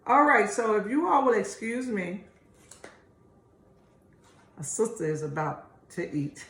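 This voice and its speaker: A woman's voice: mid-range voice, sing-song, measured pace, pauses often, fairly bright tone. Chatty woman in an echoey kitchen. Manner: chatty, homey, addresses viewers as y'all. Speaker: cooking video host. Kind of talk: casual cooking demonstration. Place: home kitchen.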